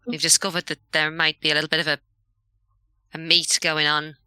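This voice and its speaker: A woman's voice: low voice, little pitch movement, fairly quick, pushed and bright, clean tone, dry recording. A woman playing in a live tabletop game, inquisitive and dryly teasing. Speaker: player. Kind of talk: tabletop role-play, in-character chat.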